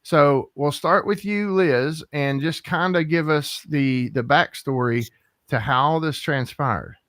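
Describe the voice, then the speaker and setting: A man hosting a casual interview, introducing a guest in a relaxed, halting way. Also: a little high, dry recording, clean studio sound. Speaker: host.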